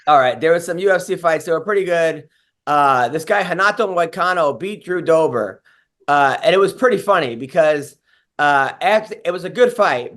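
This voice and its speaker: Male co-host, slightly high voice, relaxed storyteller, does little quote voices. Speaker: podcast co-host. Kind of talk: casual podcast banter.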